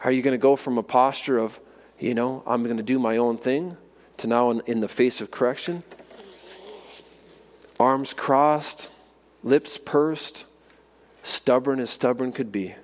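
A man's voice: medium pitch, steady tone, unhurried, pauses often. Man preaching in a reverberant hall. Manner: rhetorical questions, rising to emphatic exhortation. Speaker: pastor. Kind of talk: sermon.

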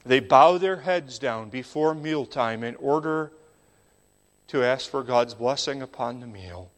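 Slow, deliberate male preacher. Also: mid-range voice, expressive. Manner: measured, emphatic preaching with dramatic drops to near whisper. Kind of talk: sermon.

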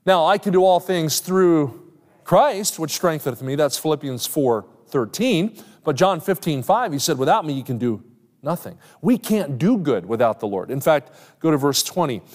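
A man's voice: fairly high pitch, expressive, moderate pace, a little mellow. A middle-aged man preaching a sermon, teaching step by step and putting questions to the congregation. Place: church. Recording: long hall reverb.

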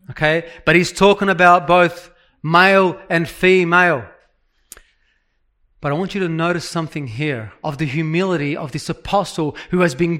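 High-voiced man preaching slowly. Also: a bit bright. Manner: earnest, emphatic, repeats phrases for stress. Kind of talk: sermon.

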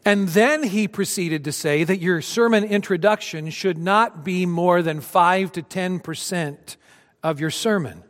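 A man in his fifties, a pastor preaching a sermon to his congregation and reading scripture with dramatic rises and drops. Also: unhurried. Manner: dramatic scripture reading, rising for cries and dropping low. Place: church sanctuary. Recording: long reverb of a church hall.

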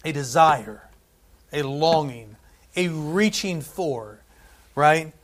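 A man preaching a sermon in a conversational way, often checking in with "right?" and dropping from loud to hushed. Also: fairly high pitch, lively intonation, takes it slowly. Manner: conversational, frequent "right?" asides, swings between loud and hushed.

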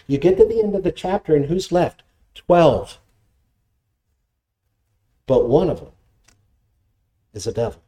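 A man preaching a sermon, with animated delivery and scripture quotations. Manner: animated preaching, dramatic pitch swings, reads scripture quotes. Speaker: pastor.

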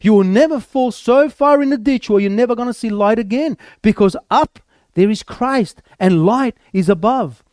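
Male preacher, high voice, dry close sound, emphatic repeated phrases. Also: normal speed, a little mellow, no echo. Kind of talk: sermon.

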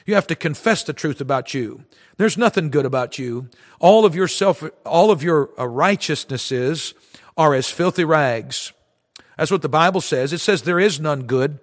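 A man's voice: a little high, lively intonation, moderate pace, in a large hall. A man preaching a fervent, emphatic sermon, quoting scripture. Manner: fervent, emphatic preaching with King James quotes. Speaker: street preacher.

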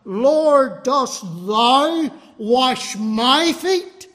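A man preaching and acting out an indignant male apostle who protests slowly, with long hall reverb. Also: very high voice, animated, fairly bright tone, heavily acted. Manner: slow, stressed, protesting. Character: indignant male apostle refusing his master.

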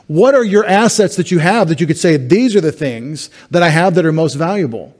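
In a church sanctuary, a middle-aged pastor preaches an expository message at normal speed, his fairly high voice slightly mellow and lively in intonation. He works through Greek words step by step and tosses in wry asides.

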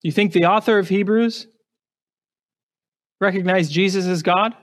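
A man's voice: high-pitched, normal speed. A male pastor preaching an emphatic sermon, putting rhetorical questions to his congregation and often repeating words as he starts a phrase.

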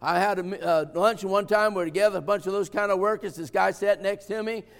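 A man preaching a sermon in a folksy, emphatic way, dropping to quiet asides and rising to shouted points. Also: high-pitched, steady tone, fast, vocal fry, in a large hall.

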